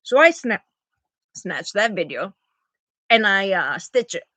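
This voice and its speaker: Animated woman chatting on a live stream. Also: medium pitch, slow pace, no room sound. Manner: animated storyteller, acts out quotes in big voices. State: recovering from oral surgery. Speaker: livestreamer thanking viewers for gifts. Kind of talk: casual live-stream chat.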